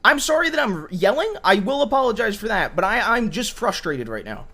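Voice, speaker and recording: A man's voice: sits high, big pitch swings, brisk, pushed and bright, exaggerated voice. A man voicing a frustrated, anxious husband in a game roleplay argument, rambling and stammering as he talks in circles. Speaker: roleplay streamer. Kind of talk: heated in-character roleplay argument.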